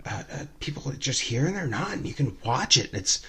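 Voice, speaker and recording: A man's voice: medium pitch, sing-song, a little fast, a bit bright, breathy edge, voice pushed up, exaggerated voice. A man on a storytelling podcast voicing a drunk, chatty woman who rambles dreamily about death. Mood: eerie musing.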